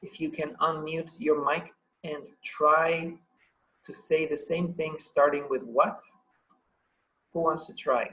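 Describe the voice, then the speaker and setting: A man's voice: on the high side, steady tone, takes it slowly, pushed and bright, poor audio. A man with a Paraguayan Spanish accent teaching an English grammar class over a video call, patient and encouraging, asking the students lots of questions.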